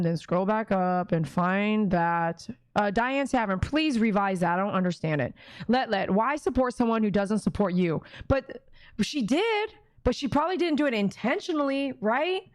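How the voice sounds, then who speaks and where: A woman's voice: medium pitch, expressive, fairly quick, no room sound. A woman dog groomer chatting on her live stream, reading viewer comments aloud and talking emphatically, often checking that viewers agree.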